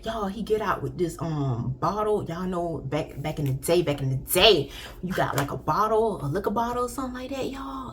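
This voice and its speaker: A woman recapping a TV episode in animated, dramatic casual chat, talking straight to her viewers. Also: on the low side, normal speed, noisy background. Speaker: faith TV recap vlogger. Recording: music playing behind.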